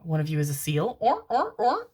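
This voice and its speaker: A woman's voice: medium pitch, wildly swooping pitch, normal speed, darkish tone, breathy edge. A woman giving a channeled tarot reading, calling listeners "my darlings," swearing casually and murmuring repeated syllables while she tunes in. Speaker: tarot reader.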